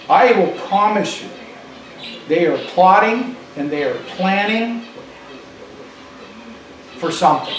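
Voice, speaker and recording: High-voiced man ranting in an echoey room. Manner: emphatic, repeats phrases for stress. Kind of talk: political monologue. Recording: echoey room, distant mic, faint noise.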